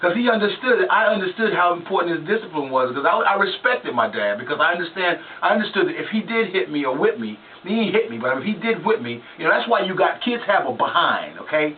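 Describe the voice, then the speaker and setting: A man's voice: sits high, big pitch swings, quick pace, few pauses, recorded from a distance. A man hosting a radio talk show, preaching to parents and telling stories about his own childhood in an emphatic way. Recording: lo-fi phone-like line with hiss, off-mic.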